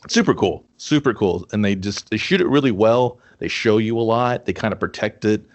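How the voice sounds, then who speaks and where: A man's voice: on the low side, animated, normal speed. A young man co-hosting a podcast, recapping a movie in casual, profane chat and acting out lines. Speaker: podcast co-host.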